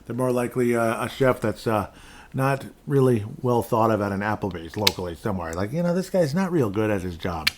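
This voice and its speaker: A man's voice: fairly low pitch, expressive, a little fast, background noise. A man hosting a podcast in casual solo sports talk, rambling as he reads scores off a screen, with dry sarcastic asides. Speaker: podcast host. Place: indoors at a desk in front of a screen.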